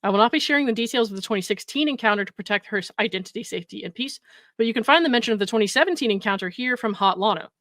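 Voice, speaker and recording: A woman's voice: on the high side, lively intonation, racing, fairly bright tone, no room sound. A woman hosts a reaction commentary, blunt and sarcastic, often laughing as she talks. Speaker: commentary host.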